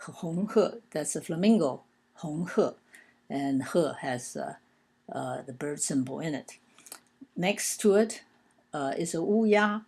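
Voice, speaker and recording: A woman with a low voice and a gravelly, creaky edge gives a language lesson. She talks slowly, patiently and deliberately. She stops often for filler sounds while she explains characters one at a time. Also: animated, a little mellow. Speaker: language teacher.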